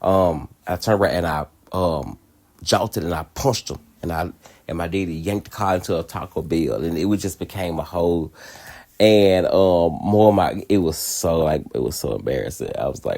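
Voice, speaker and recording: Candid, profane man with a low voice. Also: expressive, normal speed, creaky, a little mellow. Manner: candid and profane, laughing often. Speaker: podcast host. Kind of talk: casual personal storytelling.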